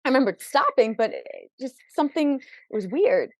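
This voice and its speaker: A woman's voice: high voice, sing-song, moderate pace, no echo. A woman who is a podcast guest, telling her life story vividly with quoted dialogue. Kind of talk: personal storytelling in an interview.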